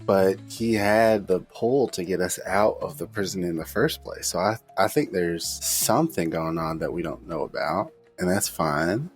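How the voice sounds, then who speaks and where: A man's voice: low voice, lively intonation, moderate pace, hardly any pauses, soft background music. A man playing in a tabletop game, making dry, wry remarks. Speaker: player. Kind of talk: casual tabletop game chat.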